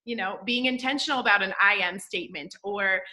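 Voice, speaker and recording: A woman's voice: medium pitch, brisk, sharp tone. A woman hosting an interview, talking about tools she teaches her clients in an encouraging, emphatic way. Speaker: podcast host and coach. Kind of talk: conversational interview.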